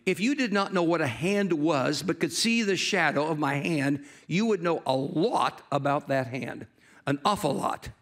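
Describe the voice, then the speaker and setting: A man preaching a sermon, telling a Bible story with animated delivery and acting out the voices of its characters. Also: fairly high pitch, normal speed. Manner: jokes with the congregation.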